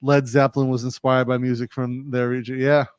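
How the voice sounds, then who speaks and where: A man's voice: medium pitch, level tone, a little fast, clear, resonant tone, no echo. A man with a New England accent, hosting a casual livestream chat in a studio, talking in a laid-back, agreeable way. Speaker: host.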